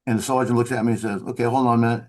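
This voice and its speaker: A man talks over a video call. He tells a story in a relaxed, conversational way. He slips into the voices of the officers he quotes. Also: mid-range voice, racing. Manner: animated, acts out quoted officers. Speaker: former Marine telling a story.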